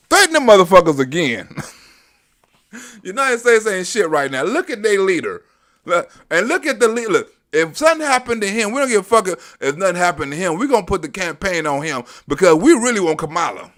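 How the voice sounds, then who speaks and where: A man hosting a comedic reaction show, talking loud and profane, mocking and laughing often. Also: high voice, sing-song, fairly quick. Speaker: host.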